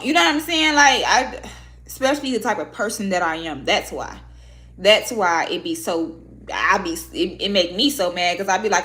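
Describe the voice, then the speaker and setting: A mid-range, slightly bright female voice moves at a moderate speed. The woman, a vlogger, talks frankly to her audience about herself, emotional and heartfelt, with plenty of swearing in this casual chat.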